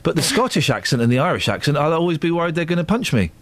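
A man's voice: a little high, sing-song, rapid-fire, a bit bright, dry recording. A man hosting a radio show, chatting casually with a jokey, teasing manner.

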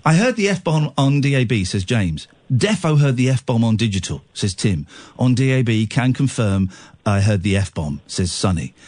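Husky, lively radio host. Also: male voice, medium pitch, moderate pace. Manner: jokey, rambling, lots of restarts. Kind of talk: late-night radio phone-in chat. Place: radio studio.

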